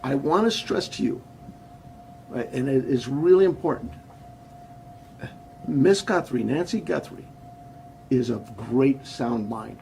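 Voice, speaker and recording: A man with a gravelly, dark voice answers questions at a press conference. He rambles, stops to restart, and doubles up on his words. Faint room ambience sits under his voice. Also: mid-range voice, lively intonation, slight background noise. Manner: halting, rambling, repeats words.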